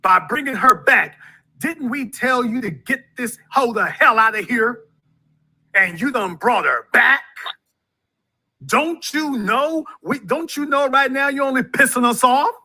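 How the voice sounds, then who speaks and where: A man hosts a call-in talk show with a high, very bright and cutting voice. He preaches his points with force and hammers lines home by repeating them. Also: expressive, unhurried. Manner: forceful, repetitive preaching delivery.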